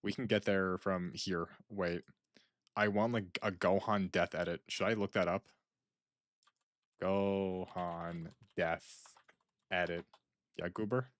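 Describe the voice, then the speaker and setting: A man's voice: deep voice, steady tone, moderate pace, fairly bright tone, dry recording. A young man streaming from home who rambles casually and jokes while reacting to videos, often trailing off mid-thought.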